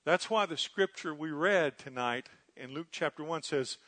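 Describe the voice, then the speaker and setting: A man with a somewhat high voice preaches a sermon in an earnest, teaching manner. He keeps pausing to ask whether everyone follows, then swings from loud, stressed phrases down to soft, low asides. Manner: earnest teaching, often checks listeners follow.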